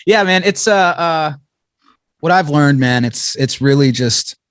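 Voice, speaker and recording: A man's voice: on the high side, expressive, takes it slowly, fairly bright tone, no room sound. A man talking as a podcast guest, rambling and swearing freely, laughing often. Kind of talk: casual podcast conversation.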